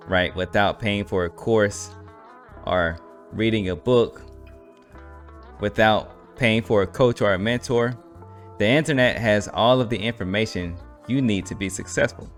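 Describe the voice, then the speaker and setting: Low-voiced guy hosting his show, chill conversational explaining, some quiet music under it. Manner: relaxed, conversational, says "right?" often. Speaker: host. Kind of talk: casual explanatory talk to camera.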